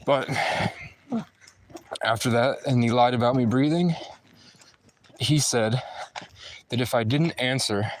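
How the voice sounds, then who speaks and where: A man ranting to his viewers in an aggrieved, fast-flowing monologue. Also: medium pitch, a little hiss or hum. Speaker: vlogger. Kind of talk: agitated monologue to camera.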